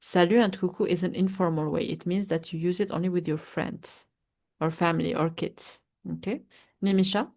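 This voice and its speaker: A woman's voice: on the low side, fairly even intonation, normal speed, darkish tone. A woman in her twenties teaching a French class over a video call, drilling greetings and chatting with students. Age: 20s. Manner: drills words, then chats with laughs. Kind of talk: online class, casual teaching.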